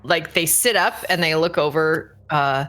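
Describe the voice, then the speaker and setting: A woman running a tabletop game, narrating in a halting way with many fillers. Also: low voice, a bit bright. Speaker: game master.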